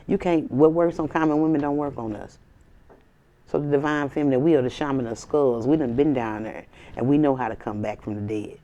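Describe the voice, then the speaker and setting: A woman's voice: rumbling low, brisk, warm tone, highs cut off. A woman tarot reader in a casual spiritual reading to camera, talking in an emphatic, slangy, preachy way with sassy asides.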